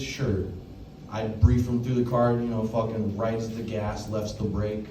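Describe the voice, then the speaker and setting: A man's voice: on the low side, steady tone, unhurried, background noise. Crude young male stand-up comic, echoey room. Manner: crude storytelling with loud acted-out quotes. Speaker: stand-up comedian. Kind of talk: open mic stand-up comedy. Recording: echoey room, mic heard from a distance.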